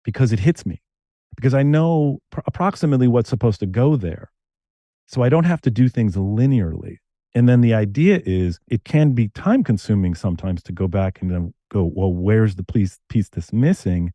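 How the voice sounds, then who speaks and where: Telling stories in quick, animated bursts, this middle-aged Connecticut man, a novelist and screenwriter, chats as a guest in a relaxed interview. He speaks at a medium pitch, and there's no room sound.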